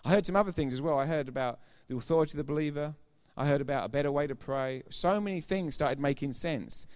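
A man giving a sermon testimony as a preacher, retelling conversations line by line and growing loud and emphatic when he preaches. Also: a little high, fast, clear, resonant tone. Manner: retells dialogue with repeated "I said, he said".

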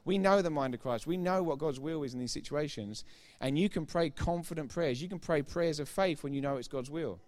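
A man giving a sermon testimony as a preacher, retelling conversations line by line and growing loud and emphatic when he preaches. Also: on the high side, brisk, few pauses. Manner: retells dialogue with repeated "I said, he said".

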